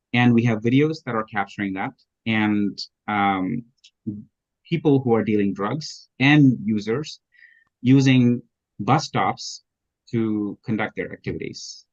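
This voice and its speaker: A man giving earnest public testimony at a hearing, halting with fillers and restarts. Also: on the low side. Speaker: public witness. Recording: dull lo-fi audio.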